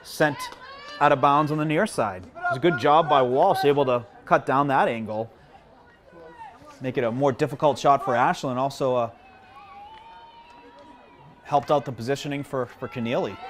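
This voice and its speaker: A man of middle pitch doing play-by-play outdoors at a high school game, with spectators clearly heard behind him. He chats easily with the folks at home, jokes about his own mistakes and explains the plays as they go. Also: moderate pace, long pauses. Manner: chatty, self-deprecating, jumps to yelling on big plays. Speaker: play-by-play commentator. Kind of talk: live local sports commentary. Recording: crowd noise behind.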